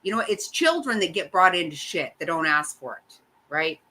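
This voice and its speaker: A woman's voice: lowish voice, very animated, normal speed, bright, forceful tone, rough recording. A middle-aged woman hosting a casual chat, ranting bluntly and swearing often. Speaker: host.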